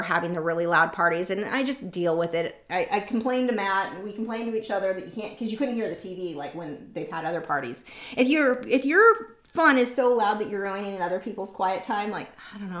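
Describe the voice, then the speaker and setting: A woman's voice: medium pitch, sharp tone. A woman hosting a casual art livestream, rambling chattily and reading out viewer comments. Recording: roomy echoey room.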